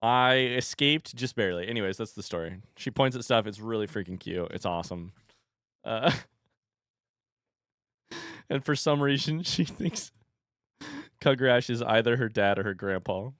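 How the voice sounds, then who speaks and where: A man streaming from home, chatting casually and telling an animated story between laughs. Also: on the low side, moderate pace, long pauses, no room sound, clean studio sound. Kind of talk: casual chat. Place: home room with a standing desk.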